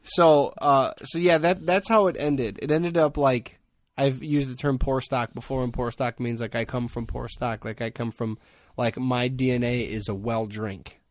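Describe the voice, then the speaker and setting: A man spins rambling, joking stories in a casual podcast chat. His voice sits at an ordinary middle pitch. The recording is close and dry, with no room echo. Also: steady tone, normal speed. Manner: joking storyteller, rambling asides. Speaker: podcast host.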